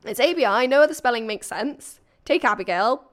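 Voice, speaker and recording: A woman's voice: on the high side, lively intonation, brisk, fairly bright tone. Bubbly woman podcast host. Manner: chatty, playful, breaks off to joke mid-story. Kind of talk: casual chat, reading a listener story aloud.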